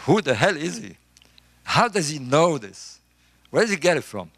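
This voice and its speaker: A middle-aged man, a construction engineer, giving an emphatic, animated talk to a group in a room. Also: a little high, normal speed, no echo. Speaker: speaker on ancient engineering. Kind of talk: lecture-style talk to a live group.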